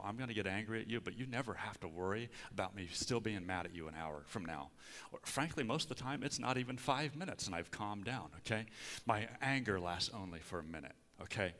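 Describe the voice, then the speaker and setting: This middle-aged man has a fairly low, fairly bright voice. He preaches a sermon in a church sanctuary, where a long hall reverb trails his words. His style is folksy and conversational, and he keeps checking in with listeners through frequent "okay?" asides.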